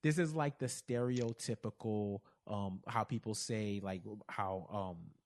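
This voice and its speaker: A man's voice: lowish voice, a little slow. A man co-hosting a casual podcast recap of a TV episode, quoting scenes, laughing often and restarting his sentences. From Caribbean family. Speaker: podcast co-host.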